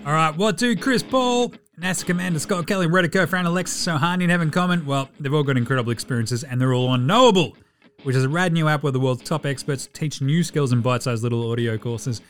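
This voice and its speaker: A man's voice: a little high, quick pace. An Australian man hosting a sports podcast in casual chat, profane and ranting, laughing often. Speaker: podcast host.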